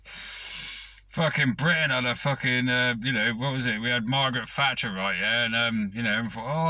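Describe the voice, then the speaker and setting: A man's voice: medium pitch, moderate pace, bright, forceful tone, no echo. A man ranting to camera, rambling and swearing with lots of fillers. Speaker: vlogger.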